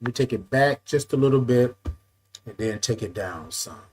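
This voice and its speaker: A man hosting a casual morning live stream, greeting viewers by name with drawn-out, sung greetings and saying y'all a lot. He repeats his phrases and adjusts his camera as he talks. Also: mid-range voice, lively intonation, a little mellow.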